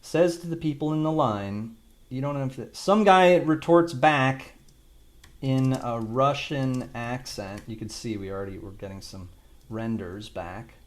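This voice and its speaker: A man's voice: mid-range voice, unhurried. A man talking through a screen-recorded tutorial, rambling and thinking aloud with casual swearing. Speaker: video creator demonstrating an AI video tool.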